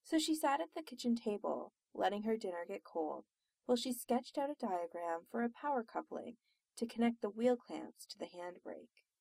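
Expressive woman reading a story. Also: on the high side, moderate pace, gravelly, dry recording, clean studio sound. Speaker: reader. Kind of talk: reading fiction aloud.

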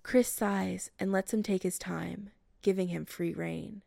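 A woman reads a romance story aloud at an unhurried, even pace. Her voice carries a heavy gravelly fry in a mid range. The sound is dry and close to the mic. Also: lowish voice, no echo. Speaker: narrator. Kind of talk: audiobook reading of a romance story.

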